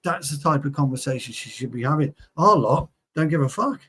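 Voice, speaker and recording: A man's voice: fairly high pitch, a little fast, husky. A man, a former player co-hosting a heated, sweary football chat and telling stories from his playing days. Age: 40s. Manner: sweary, animated, storytelling.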